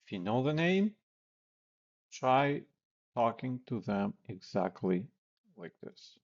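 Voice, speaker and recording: A man's voice: mid-range voice, sing-song, slow pace, lo-fi sound. A man teaching phone sales techniques in a casual way, acting out sample call lines as he goes. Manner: casual, demonstrates cold-call lines aloud. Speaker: sales trainer. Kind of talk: instructional talk with role-play examples.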